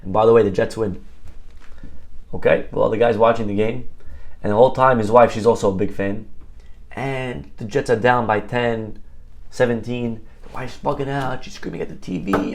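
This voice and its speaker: A rabbi giving a Torah lesson in a conversational, storytelling way, often tossing in quick "right?" asides to his listeners. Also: fairly low pitch, fairly even intonation.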